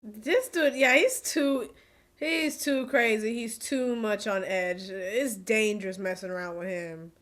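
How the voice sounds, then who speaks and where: A woman giving casual, excitable commentary while reacting to a film, often exclaiming. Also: fairly high pitch, measured pace. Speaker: movie reaction creator.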